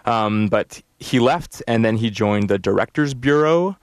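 A man's voice: fairly low pitch, animated, measured pace, dry recording. A man co-hosting a college radio music show, chatting casually in a rambling, hesitant way with many fillers.

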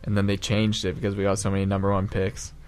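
A man's voice: fairly low pitch, completely flat delivery, fast talker, a little mellow, clear, resonant tone. A young man hosting a sports podcast, chatting and joking with his co-host. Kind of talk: casual banter.

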